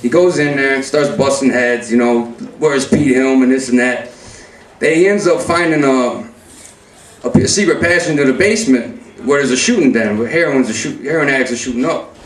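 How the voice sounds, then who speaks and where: A man's voice: mid-range voice, brisk, distant mic. A young man telling a profane, breathless story on stage at a live story slam. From Chicago. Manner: profane, breathless, acts out the voices of people in the story. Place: live event room. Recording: roomy echo, voice from off-mic.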